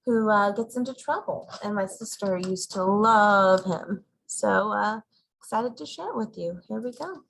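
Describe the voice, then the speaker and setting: Husky-voiced woman reading a storybook aloud. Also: medium pitch, animated, unhurried, fairly bright tone, rough recording. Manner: casual, stumbles over names, chuckles. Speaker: storytime host. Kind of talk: reading a picture book aloud.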